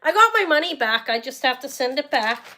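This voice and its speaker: A woman's voice: sits high, sing-song, brisk, sharp tone. A woman hosting a live jewelry sale stream, chatting casually and rambling as she talks straight to her viewers.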